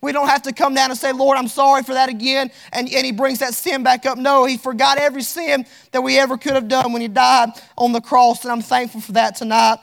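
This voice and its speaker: A man's voice: very high-pitched, flat delivery, a little fast, vocal fry, hardly any pauses, a bit bright. A man. He is fervent and repetitive, drifting into a sing-song cadence as he reads scripture aloud. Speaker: preacher. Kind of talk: sermon.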